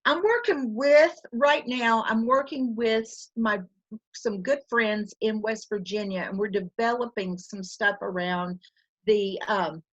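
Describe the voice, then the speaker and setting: A woman's voice: fairly high pitch, takes it slowly. A woman presenter giving conversational teaching advice on a video call, emphatic and repeating phrases for stress. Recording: dull lo-fi webinar audio.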